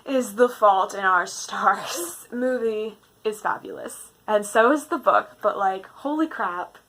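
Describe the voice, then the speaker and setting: A young woman in a casual, rambling movie-ranking chat, gushing and animated with lots of fillers. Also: mid-range voice, unhurried, low-quality recording. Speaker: book video host.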